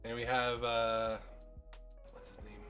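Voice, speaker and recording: A man's voice: mid-range voice, level tone, takes it slowly, a bit bright, soft background music. A man co-hosting a live cooking stream, easygoing and brief, tasting food and giving advice. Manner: easygoing, short replies, tastes and advises. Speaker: cooking stream co-host, on the grill. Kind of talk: casual live cooking chat.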